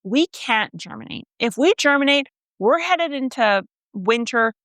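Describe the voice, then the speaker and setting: A woman voicing a fussy, alarmed talking seed in a quick, exasperated inner monologue. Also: sits high, expressive, a bit bright, dry recording, clean studio sound, pitched above the performer's own voice.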